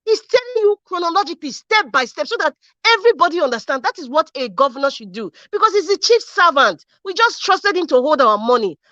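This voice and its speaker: A young Nigerian woman from Edo State hosts a political commentary vlog, delivering an angry, fiery, impassioned rant. Her voice sits high and is very animated, quick, and sharp, captured on a dry recording with dull lo-fi sound, and she fires off rhetorical questions and repeats herself.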